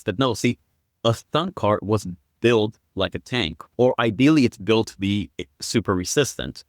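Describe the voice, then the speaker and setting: A man as a guest on a film podcast, explaining step by step and building up to excited quoted lines. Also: on the low side, measured pace, no room sound, clean studio sound. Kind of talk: casual film review chat.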